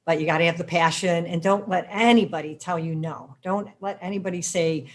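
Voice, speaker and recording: Middle-aged lady on a panel, lowish voice, punchy and encouraging. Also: brisk. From Chicago. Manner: emphatic, encouraging advice. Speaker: dog daycare owner, panelist. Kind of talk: panel discussion.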